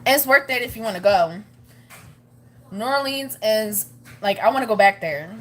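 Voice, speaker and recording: Speaking at a normal speed in an animated, mid-range voice, a pregnant family vlogger with morning sickness rambles chattily to her camera. She laughs frequently as she talks to viewers.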